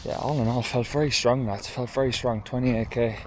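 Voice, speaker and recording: A man with an Irish accent chatting casually to camera in a running vlog. He is excitable, swears freely and keeps calling his viewers lads. He talks from a car and then outdoors in a park while running. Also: mid-range voice, a little fast, rough recording. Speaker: running vlogger. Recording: loud background noise from car and outdoor traffic.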